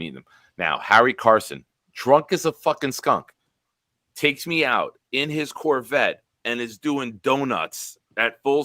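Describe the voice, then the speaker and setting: A man in his forties, a show host telling a profane, animated sports story with quoted dialogue. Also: on the low side, no echo.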